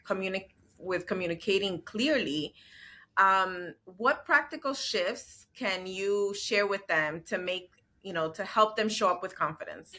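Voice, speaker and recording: A woman hosts a podcast with a bright, forward voice. She affirms her guest often and tags her own points with a quick "right?" in a relaxed, chatty way. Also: mid-range voice. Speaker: podcast host. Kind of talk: casual interview hosting.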